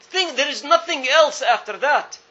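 Very high-voiced earnest male preacher. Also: lively intonation, a little slow, bright, forceful tone. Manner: earnest storytelling, repeats phrases for emphasis. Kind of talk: sermon. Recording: dull lo-fi recording.

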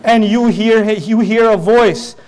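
A man giving a religious lecture as a lively story, joking and laughing often. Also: high-pitched, takes it slowly. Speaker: Islamic lecturer.

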